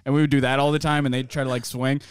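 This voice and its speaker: A man telling a chaotic story in casual podcast chat, rambling and laughing, shouting out the quoted lines. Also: mid-range voice, level tone, rapid-fire, smooth, no echo.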